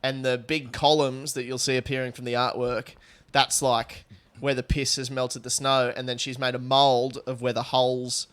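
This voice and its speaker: A man's voice: medium pitch, little pitch movement, moderate pace, few pauses, fairly bright tone. A young man co-hosts a comedy podcast in loose, crude banter. He swears freely and laughs often as he riffs on the topic. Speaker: podcast co-host. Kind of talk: casual comedic chat.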